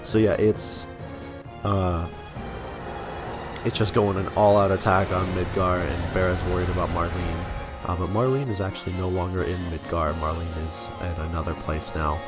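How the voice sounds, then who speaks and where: A man's voice: deep voice, fairly even intonation, normal speed. A young man casually commenting over a video game he is playing, laughing often and swearing freely. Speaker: let's play commentator. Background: game music.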